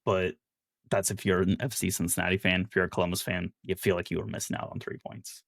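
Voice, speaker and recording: A man's voice: sits low, flat delivery, fast, gravelly, a bit bright, no echo, studio quality. A man hosting a podcast, chatting casually about sports and steering the talk with questions. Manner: leads the talk, poses questions. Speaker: podcast host.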